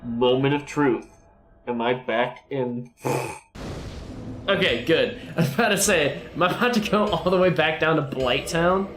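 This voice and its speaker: A man's voice: fairly high pitch, a little slow, a bit bright, soft background music. A man live-streaming a video game, chatting with viewers and teasing them and the game in a playful way.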